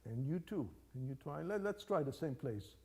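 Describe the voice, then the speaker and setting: A man's voice: on the high side, lively intonation, normal speed, mellow, breathy edge. An older man leading a music master class, coaching young players and singing phrases aloud to show them. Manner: sings phrases aloud to demonstrate, encouraging and playful. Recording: faint music behind the voice. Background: chamber music playing.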